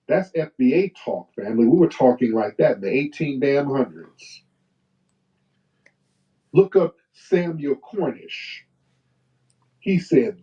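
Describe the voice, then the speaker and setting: A man hosting a live talk stream, talking in a preachy way and reading old quotes slowly with emphasis. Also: medium pitch, expressive. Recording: distant, muffled live stream audio.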